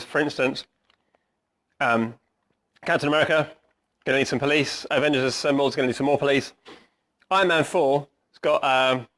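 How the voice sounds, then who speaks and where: In a meeting room, a middle-aged man coaching on agile speaks in a mid-range, fairly bright voice. He keeps asking the audience questions and saying "right?" His voice grows hoarse, with some throat-clearing.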